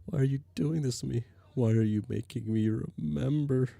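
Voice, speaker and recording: A man's voice: mid-range voice, moderate pace, creaky, warm tone, dry recording, pitched below the performer's own voice, natural voice. A man voicing a young grieving female dog-spirit who whimpers and sobs as he reads a webcomic aloud. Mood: anguished. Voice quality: sobbing, whimpering. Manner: tearful, self-pitying. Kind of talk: reading a webcomic aloud in voices.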